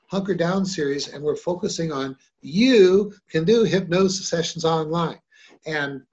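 A man hosts a casual podcast chat in an upbeat, chatty manner. His voice sits on the high side for a man. The sound is muffled and lo-fi. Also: a little mellow. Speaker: host and hypnosis trainer.

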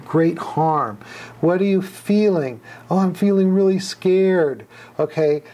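A man's voice: on the high side, warm tone. A man teaching age regression hypnotherapy, explaining step by step and acting out client replies. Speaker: hypnotherapy instructor. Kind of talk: teaching a class.

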